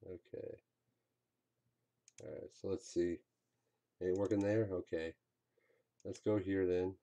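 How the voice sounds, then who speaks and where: A man's voice: low voice, steady tone, slow pace, warm tone. A man streaming a game, commenting live with frustrated outbursts and swearing.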